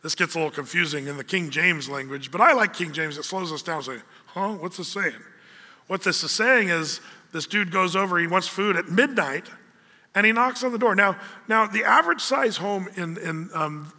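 A man preaching a sermon as pastor, with a lively storytelling manner, acting out the voices of the people. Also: high voice, moderate pace, long reverb tail.

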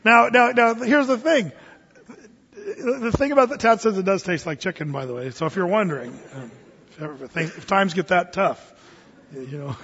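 High-voiced man preaching in a hall. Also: expressive, normal speed, slight background noise. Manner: storytelling with humor, many restarts, sudden loud bursts. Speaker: pastor. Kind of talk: sermon. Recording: dull sound with long reverb in a hall.

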